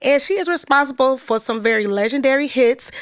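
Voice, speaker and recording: A woman hosting a podcast interview, warm in her praise and enthusiastic. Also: sits high, expressive, brisk, clear, resonant tone, dry recording, studio quality. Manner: enthusiastic, effusive. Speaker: podcast host. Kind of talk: casual interview.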